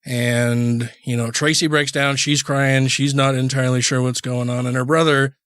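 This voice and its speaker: A man's voice: medium pitch, level tone, moderate pace, a bit bright, no echo. Rambling man telling a story on a podcast. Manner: rambling, many restarts and "you know"s. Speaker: podcast co-host. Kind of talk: casual storytelling.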